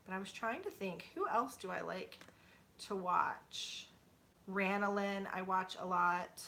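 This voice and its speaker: Woman, 30s, bright voice, chatty vlogger, rambling with fillers, sitting on her bed at home. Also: medium pitch, unhurried, creaky, slight background noise. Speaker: YouTuber. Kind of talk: casual chat with viewers.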